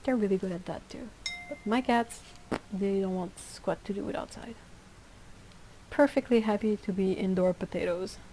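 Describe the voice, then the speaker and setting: Mellow-voiced woman chatting on a livestream. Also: medium pitch, moderate pace, slight background noise, low-quality recording. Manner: chatty, laughs often, reacts to chat. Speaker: livestream host and artist. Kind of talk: casual livestream chat.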